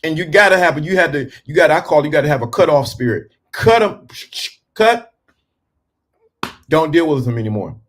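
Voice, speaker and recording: A man's voice: a little high, fast talker, few pauses. Emphatic male motivational speaker. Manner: emphatic, swings from punchy to hushed and calm. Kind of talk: motivational talk to men.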